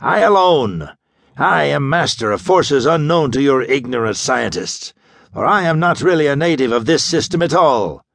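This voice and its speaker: Doctor Zaro, a harsh rasping mastermind, voiced by a man. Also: medium pitch, lively intonation, moderate pace, fairly bright tone, dry recording, clean studio sound. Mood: menacing. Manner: grandiose, commanding proclamations. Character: gaunt menacing male mastermind, harsh and grandiose.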